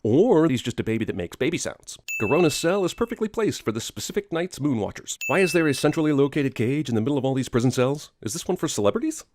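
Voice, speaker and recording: Brief: sarcastic male comedy narrator, animated and fast, over audible noise. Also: mid-range voice. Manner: snarky, mocking, quick rhetorical questions. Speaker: narrator of a movie critique comedy.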